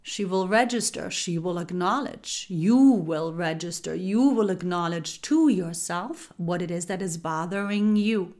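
Slow, soft-spoken woman giving spiritual guidance. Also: fairly low pitch. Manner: soft and unhurried, drops into whispers for emphasis; repetitive, incantatory phrasing. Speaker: spiritual podcast host.

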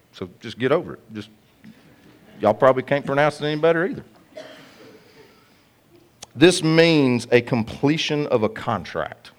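A man preaching a conversational, jokey sermon to a congregation. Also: medium pitch.

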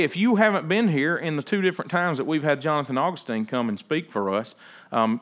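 A man's voice: mid-range voice, a bit bright. A man, a pastor, giving a conversational sermon that moves from storytelling into emphatic preaching.

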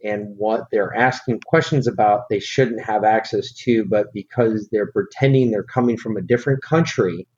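A man's voice: fairly low pitch, normal speed, few pauses, a little mellow. A middle-aged man from the United States co-hosting a podcast, chatting casually in a rambling, profane, emphatic way. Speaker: podcast co-host. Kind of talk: casual chat. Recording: dull lo-fi audio with faint hiss.

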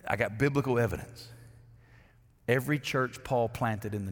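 A man's voice: mid-range voice, normal speed, long pauses. Preaching man in a reverberant sanctuary. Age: middle-aged. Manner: dramatic swings between loud emphatic preaching and hushed intimate asides. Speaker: pastor. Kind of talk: sermon.

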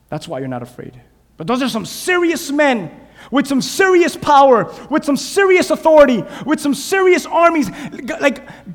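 A man preaching a sermon to a church, dynamic, swinging from hushed asides to shouted passages. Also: very high-pitched, big pitch swings, normal speed. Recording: long hall reverb.

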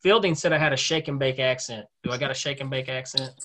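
A man's voice: medium pitch, fast talker, bright, forceful tone. A man hosting a podcast in casual, joking chat, sometimes drawing out words for effect. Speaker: podcast host.

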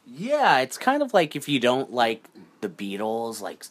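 A man of middling pitch in casual podcast conversation. He speaks evenly and picks his words with care. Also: wildly swooping pitch, unhurried, fairly bright tone. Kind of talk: casual chat.

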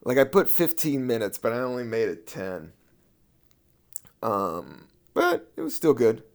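A man hosting his own podcast as a comedian, talking in a loose, meandering way with casual swearing, a little high. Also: huge pitch swings, unhurried, gravelly. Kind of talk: casual rambling podcast monologue.

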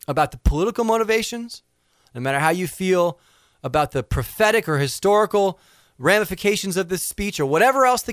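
A man giving an impassioned speech to an audience, swinging between loud fervor and hushed intensity. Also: on the high side, no echo, studio quality. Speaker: speaker addressing an audience.

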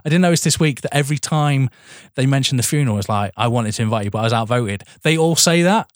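In this studio-quality, dry recording, a podcast co-host speaks at a quick pace with an expressive, medium-pitched voice. He talks eagerly about films in a casual way, swearing and repeatedly calling his friend "mate."

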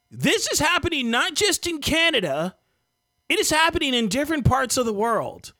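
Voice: sits high, big pitch swings, fairly quick, sharp tone, dry recording, studio quality. A host giving heated, emphatic political commentary, mocking opponents along the way. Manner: indignant, emphatic, mocks opponents in quoted voices.

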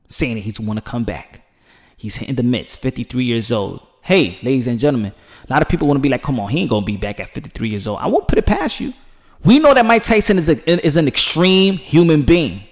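Animated, preachy man in a commentary vlog. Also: mid-range voice. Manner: emphatic, swings from hushed to loud and animated. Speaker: commentary vlogger.

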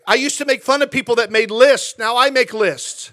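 A middle-aged man delivers a sermon in a loose, conversational style, stumbling over and repeating words as he builds his point. His voice sits high for a man and sounds bright and forceful, and his delivery is animated, like someone telling stories from the pulpit. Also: fairly quick. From California, USA. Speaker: pastor.

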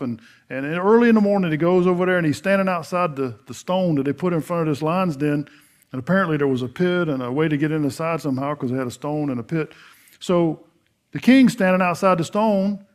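A middle-aged man preaching a sermon, telling a Bible story in a folksy way and acting out the dialogue, swinging between loud emphasis and hushed earnestness. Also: a little high, brisk. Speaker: pastor.

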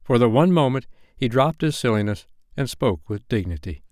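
A man reading a bedtime story aloud, his voice moving widely and expressively. His narration is gently wry, and the sound is close and dry. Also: mid-range voice, animated, normal speed, no room sound.

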